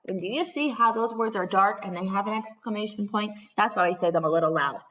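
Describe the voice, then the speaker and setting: A woman teacher in her thirties reading a storybook aloud to young children, animated, gasping, calling them friends. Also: mid-range voice, brisk, few pauses, far from the mic.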